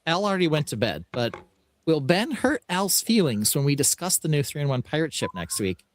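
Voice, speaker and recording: A man's voice: on the high side, big pitch swings, normal speed, no echo. A man hosting a podcast, bantering casually and teasing his co-host with mock-serious asides.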